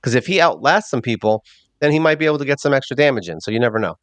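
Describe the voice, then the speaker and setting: A man hosting a mobile game channel, giving casual, rambling gameplay commentary and thinking out loud with a self-mocking streak. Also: medium pitch, animated, racing, no room sound.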